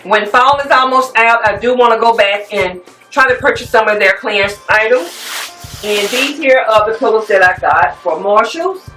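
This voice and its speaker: A woman's voice: on the high side, normal speed. Chatty woman in an echoey room. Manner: chatty, rambling, addresses viewers as y'all. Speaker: home decor vlogger. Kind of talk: casual show-and-tell chat. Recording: echoey room, mic at a distance, soft music.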